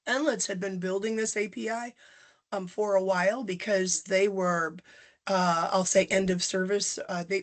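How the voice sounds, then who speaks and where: Middle-aged woman, webinar presenter on a call, nasal cold voice, flat delivery, plenty of ums. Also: on the low side. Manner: casual, with frequent ums and self-corrections. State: congested from a cold, a little nasal. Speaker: presenter, company general manager. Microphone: video call.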